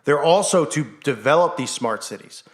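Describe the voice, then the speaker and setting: A man hosting a vlog, ranting in an animated, sarcastic way and talking straight to his viewers. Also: fairly high pitch, moderate pace. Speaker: vlog host. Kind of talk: casual ranting monologue.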